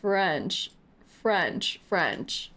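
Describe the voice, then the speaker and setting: A woman's voice: on the low side, lively intonation, extremely slow, fairly bright tone. A woman streamer commenting on a game playthrough, giggling and squealing in mock despair while reading the game text aloud.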